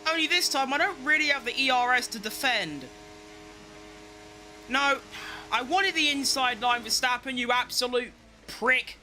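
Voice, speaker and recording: A young man giving excitable live commentary on his racing game, talking to himself and swearing at rivals and his car. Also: very high-pitched, a little slow, long pauses, a little hiss or hum. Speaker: game streamer.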